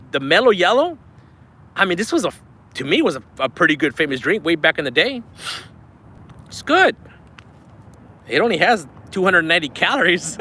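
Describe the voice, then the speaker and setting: Guy bank fishing live, bright forceful voice, kinda breathless and excited, faint outdoor noise behind. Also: a little high. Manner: chatty, excitable, thankful. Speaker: fishing livestream host. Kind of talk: live-stream chat reading super chats. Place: outdoors at a riverbank.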